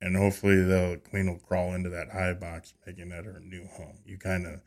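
A man with a somewhat low voice tells a story in a relaxed, conversational way. He slips into lively voices for quoted dialogue and often restarts or repeats words as he goes. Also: fairly quick. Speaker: podcast guest, beekeeper.

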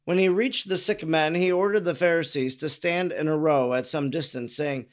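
Male narrator, slightly high voice, measured formal reading, religious story narration. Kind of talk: scripted narration of a religious text.

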